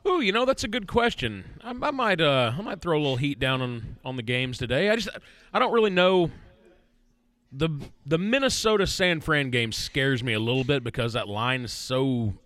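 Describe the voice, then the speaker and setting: A man's voice: fairly high pitch, animated, moderate pace, fairly bright tone, no room sound. A man co-hosting a casual sports radio chat, laid-back and self-deprecating. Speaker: co-host.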